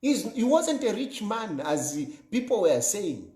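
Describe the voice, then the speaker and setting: A man's voice: high-pitched, sing-song, measured pace, darkish tone, echoey room. A Zambian man delivering an emphatic political monologue, repeating phrases for effect in an accusing tone. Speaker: political commentator.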